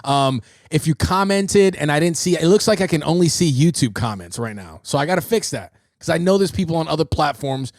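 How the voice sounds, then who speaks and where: A man's voice: a little high, fairly quick, hardly any pauses, dry recording, studio quality. A young man hosting his own livestream podcast, talking casually and swearing freely as he tells stories. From New York City. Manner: animated storyteller, swearing freely. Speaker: podcast host.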